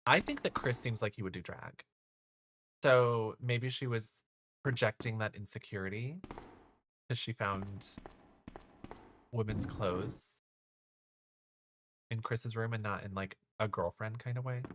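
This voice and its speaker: A woman's voice: rumbling low, measured pace, long pauses, a little hiss or hum. A woman livestreaming a horror game, chatting in a campy, sassy way and answering her viewers. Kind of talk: casual livestream commentary.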